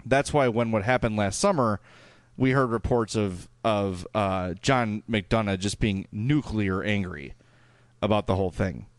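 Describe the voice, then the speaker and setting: A man's voice: fairly low pitch, a little slow, no room sound. A man with a Chicago accent co-hosting a podcast, chatting casually and reading out listener emails, with fillers and restarts. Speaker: podcast co-host.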